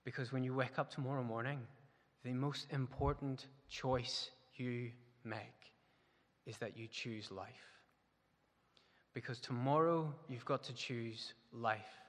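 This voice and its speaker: A man's voice: mid-range voice, steady tone, slow pace. A man preaching an earnest sermon in a church, rising to emphatic peaks. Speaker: pastor. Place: church hall. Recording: long hall reverb.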